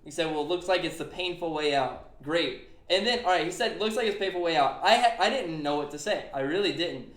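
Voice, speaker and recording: A man's voice: fairly high pitch, animated, brisk, few pauses, a bit bright. Earnest young man in an echoey room. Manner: earnest, retelling a conversation with many fillers. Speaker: streamer and podcast host. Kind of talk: casual podcast chat.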